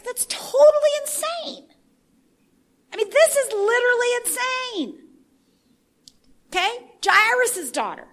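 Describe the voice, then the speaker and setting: A woman preaching a sermon in an animated way, swinging from hushed asides to shouting. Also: sits high.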